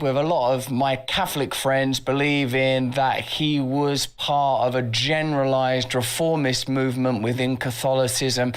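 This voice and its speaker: A man giving online commentary in a measured, thinking-aloud way. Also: mid-range voice, clean tone.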